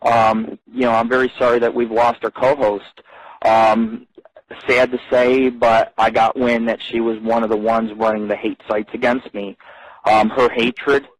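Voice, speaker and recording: A man hosting his own radio show from the street, talking in a profane, rambling monologue and jumping up in pitch when he gets worked up. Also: measured pace, no echo, rough recording. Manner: profane, animated, voice jumps high when agitated. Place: outdoors on a street.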